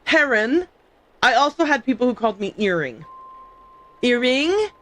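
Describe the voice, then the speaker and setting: A woman's voice: on the high side, big pitch swings, fast, fairly bright tone. A middle-aged woman streaming a story game, chatting playfully and laughing as she tells stories. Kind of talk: casual livestream commentary.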